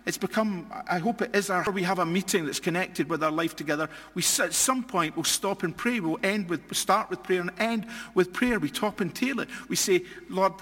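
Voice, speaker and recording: A man's voice: sits high, moderate pace, few pauses, a bit bright, long reverb tail. A Scottish man preaching a sermon, earnest and emphatic, often repeating and restarting phrases as he builds a point. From Scotland.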